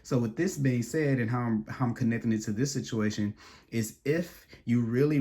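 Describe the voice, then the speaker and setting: A man's voice: mid-range voice, darkish tone. A man talks his way through a tarot reading in a loose, rambling way. He trips over and repeats his words and speaks straight to the listener as if chatting with a friend. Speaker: tarot reader.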